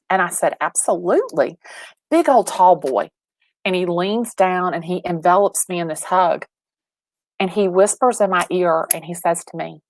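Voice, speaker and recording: A woman in her forties tells stories over a video call, acting out every line of dialogue with lots of restarts. Her voice sits low for a woman, and the sound is close and dry with no room around it. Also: normal speed, dry recording. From Atlanta, Georgia. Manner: animated storyteller, acts out quoted dialogue, many restarts. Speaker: real estate agent, guest. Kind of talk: livestream interview storytelling.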